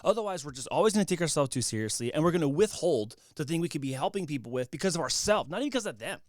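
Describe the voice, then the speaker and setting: A man's voice: a little high, lively intonation, rapid-fire, no echo, clean studio sound. A man in a casual podcast conversation, talking emphatically and encouragingly with many likes. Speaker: videographer guest.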